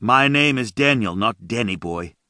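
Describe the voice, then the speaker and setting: A man's voice: medium pitch, lively intonation, a little fast, sharp tone, no echo, studio quality, pitched above the performer's own voice. A man voicing a nervous, cowardly young man who speaks tensely and evasively.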